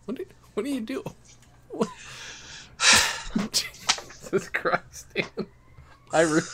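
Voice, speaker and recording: Lively, joking podcast co-host guy. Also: fairly high pitch, noisy background. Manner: joking, laughs often, trails off into asides. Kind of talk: casual comedic banter.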